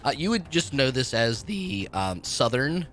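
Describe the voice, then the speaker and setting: A man running a tabletop game as game master, narrating monsters and rules in a quick, chatty way. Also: medium pitch, sing-song, a bit bright, faint music behind.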